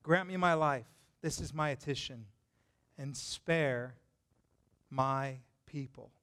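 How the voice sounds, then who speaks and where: A man voicing a softly pleading queen. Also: medium pitch, voice pushed down. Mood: hushed pleading. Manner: soft, slow, solemn pleading. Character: pleading queen begging a king for her life.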